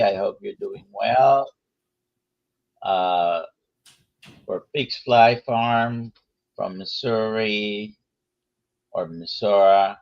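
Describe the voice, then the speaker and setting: Man host, low gravelly voice, talks real slow, dull lo-fi sound. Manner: slow, halting, with many pauses and "uh"s. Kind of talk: casual interview chat.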